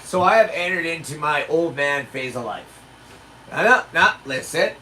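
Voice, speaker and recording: Man, 40s, stand-up comic, high and lively, lands punchlines loud, recorded from a distance. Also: normal speed, a little hiss or hum. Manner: animated storytelling with shouted punchlines. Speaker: stand-up comedian. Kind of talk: livestreamed stand-up rehearsal.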